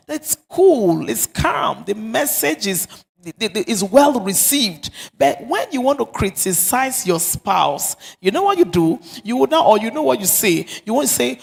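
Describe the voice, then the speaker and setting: Gravelly Nigerian woman pastor preaching. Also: a little high, big pitch swings, moderate pace. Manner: emphatic, repeats phrases for stress. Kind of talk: sermon on marriage. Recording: long reverb of a church hall.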